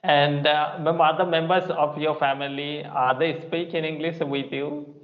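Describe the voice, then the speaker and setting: A man's voice: fairly high pitch, level tone, a little slow. A man with an Indian accent who hosts the conversation, asking questions with frequent fillers. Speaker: interviewer, host. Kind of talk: casual English practice conversation. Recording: tinny, echoey phone-like call.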